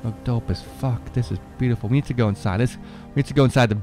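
A man's voice: medium pitch, fast talker, faint music behind, rough recording. Gamer guy, casual commentary, loose and rambling, cusses a lot, hypes everything on screen. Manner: excitable, swears freely, talks to the screen; rambling with many fillers and repeats. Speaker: gamer showing off a modded game.

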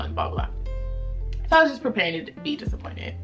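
Woman vlogger, bright and sharp tone, chatty and expressive, faint music underneath. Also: fairly high pitch, a little fast, creaky. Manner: chatty, expressive, faith-filled storytelling. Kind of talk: casual personal vlog.

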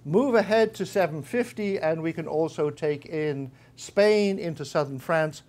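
A man's voice: fairly high pitch, measured pace, a little mellow. A man giving an academic guest lecture, conversational and wry, with frequent small hesitations. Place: university lecture room.

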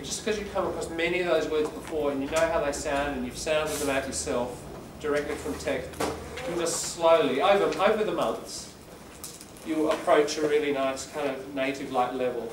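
A man's voice: fairly high pitch, moderate pace. A man teaching an English class, patiently explaining and demonstrating word stress by reading aloud. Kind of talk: classroom lesson. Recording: echoey room, far from the mic, background noise.

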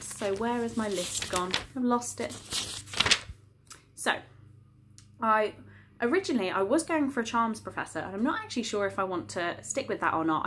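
A young woman chats to camera in a loose, rambling way, poking fun at herself as she goes. Her voice sits at an ordinary middle pitch with a faint hiss of noise behind it. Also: a bit bright. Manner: chatty, rambling, self-deprecating. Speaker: book vlogger. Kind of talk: casual vlog chat.

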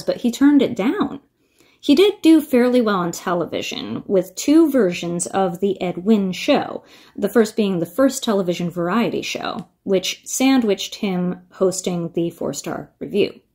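A woman's voice: mid-range voice, mellow. A woman hosting her own video, talking to camera in an earnest, musing, chatty way. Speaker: video host. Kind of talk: casual to-camera commentary.

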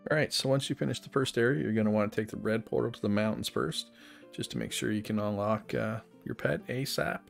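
A man's voice: on the low side, fairly quick, gravelly, soft background music. A man casually walking through a video game guide, chatty and thinking aloud as he plays. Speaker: gaming guide host. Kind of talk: casual game walkthrough narration.

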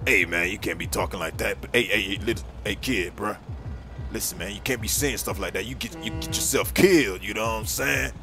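A man voicing a gruff grown man on the street who sternly warns a kid off the block, in heavy slang. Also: lowish voice, brisk, over music, voice pushed down, lightly acted. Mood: warning.

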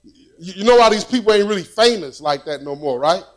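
High-voiced man preaching conversationally. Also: expressive, brisk. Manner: conversational preaching with repetitions and storytelling. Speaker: pastor. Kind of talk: sermon.

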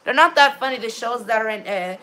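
A woman streaming live gameplay who rambles, reads viewer chat aloud and greets viewers, with sudden excited bursts and a habit of repeating "all right then". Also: on the high side, brisk. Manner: sudden excited bursts when directing players. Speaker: game streamer.

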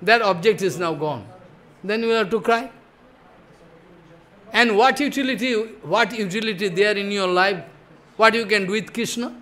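A man delivers a devotional sermon in a high, bright voice. He is emphatic and questioning, repeating points and checking that listeners follow. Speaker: spiritual teacher.

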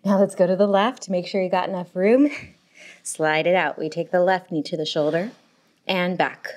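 Cueing a home pilates and barre class, a young woman counts reps in an upbeat, encouraging way. Her voice is lowish and a little mellow, with a steady tone and moderate pace. A lapel mic pack picks her up in her home workout space.

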